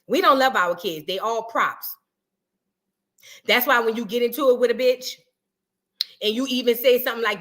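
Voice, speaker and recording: A woman's voice: on the high side, normal speed, long pauses, a bit bright. A woman hosting a blunt, profane reaction commentary, full of mocking impressions. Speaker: commentary host.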